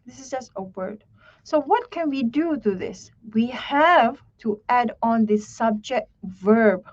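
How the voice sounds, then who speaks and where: Slow-talking woman teaching grammar. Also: a little high, animated, lo-fi sound. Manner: slow, repetitive, checks in with "right?" and "okay". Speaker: English teacher. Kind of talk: online grammar lesson.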